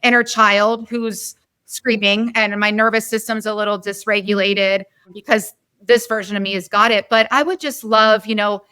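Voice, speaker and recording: Bright, crisp-voiced woman podcast host. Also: medium pitch, fairly even intonation, moderate pace, no room sound. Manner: effusive, self-revealing. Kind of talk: casual interview.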